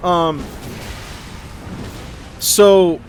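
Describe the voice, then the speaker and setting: A man with a high voice tells a rambling, exasperated story while streaming a game. He swears freely and trips over his words. There is a faint hum behind him. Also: drawn-out words. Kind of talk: casual storytelling while gaming.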